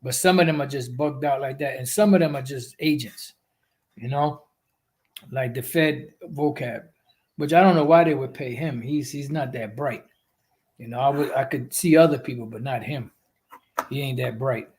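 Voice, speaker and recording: A man's voice: mid-range voice, moderate pace, a little mellow. A man preaching and teaching scripture in a rambling, repetitive way, with profane asides and many "you know" fillers. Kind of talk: livestream religious teaching.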